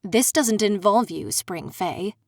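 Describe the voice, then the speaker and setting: A woman's voice: medium pitch, dry recording, studio quality. Woman voicing a smug, taunting male fae prince. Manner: slow, taunting, condescending.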